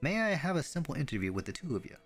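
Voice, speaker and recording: Guy reading as a gushy young fangirl reporter, kinda higher and bouncy. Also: rapid-fire, soft background music. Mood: excited. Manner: excitable, gushing. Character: eager young woman fan posing as reporter.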